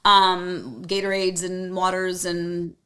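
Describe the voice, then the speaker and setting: Bright-voiced woman hosting a chatty livestream. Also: on the low side, flat delivery, slow pace. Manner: chatty, rambling, hums filler syllables to herself. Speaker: livestream host. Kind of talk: casual livestream chat. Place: home, at a table.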